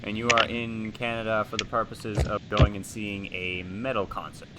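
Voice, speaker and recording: A man narrating and hosting a tabletop horror game as game master, in a relaxed, conversational way. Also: on the low side, moderate pace, very noisy.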